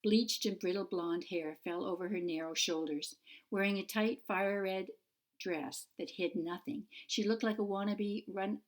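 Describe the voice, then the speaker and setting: A woman author narrating her own fantasy novel in a clear, measured storytelling manner. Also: mid-range voice, darkish tone. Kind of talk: audiobook narration.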